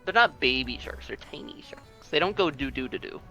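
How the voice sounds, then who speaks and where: Bright playful man doing game commentary. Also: medium pitch, animated, fairly quick, soft background music. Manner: playful, does silly voices. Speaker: let's play co-host. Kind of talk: casual let's play commentary.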